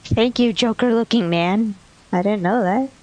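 In poor audio over game music, a gameplay streamer with a mid-range, dark-toned voice speaks at a moderate pace. She keeps her let's play commentary casual, swearing and laughing as she reads dialogue choices out loud.

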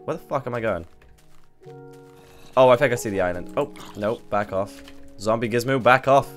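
A man's voice: mid-range voice, fairly quick. A man giving casual, swearing commentary while playing a game. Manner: chatty, swears, thinks aloud. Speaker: gaming video host. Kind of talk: let's play commentary. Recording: faint background music.

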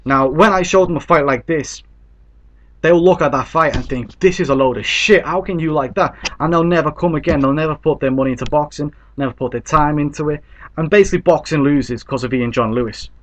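A man's voice: on the high side, fairly quick, muffled recording. A man from Britain giving casual, blunt opinion commentary on boxing, swearing freely and getting fired up.

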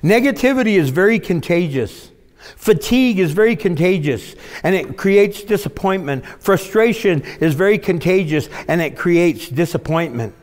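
A man preaching a sermon as a pastor, in an animated, dramatic style with sudden swoops up in pitch. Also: long reverb tail.

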